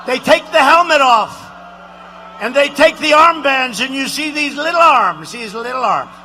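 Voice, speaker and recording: A male impressionist performs a rally speech as a boastful, rambling president with a high voice. Heavily acted with lively intonation at a moderate pace, it's repetitive and bragging, punctuated by sudden shouts, over slight background noise.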